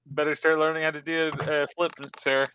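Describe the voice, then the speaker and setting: A man's voice: fairly high pitch, little pitch movement, brisk, bright, forceful tone, a little hiss or hum, low-quality recording. A man running a tabletop game, teasing the players in a laid-back way. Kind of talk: casual game chat.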